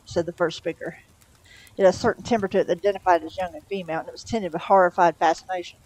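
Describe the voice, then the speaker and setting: A woman's voice: fairly low pitch, fairly even intonation, fast, a little mellow, no room sound, low-quality recording. A woman reading a novel aloud in a casual way, with small stumbles and self-corrections. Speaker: storyteller.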